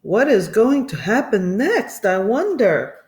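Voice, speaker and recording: Woman reading a picture book, slow, lively pitch, echoey room. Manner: slow, expressive, asks listeners questions. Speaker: storybook reader. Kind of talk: children's read-aloud.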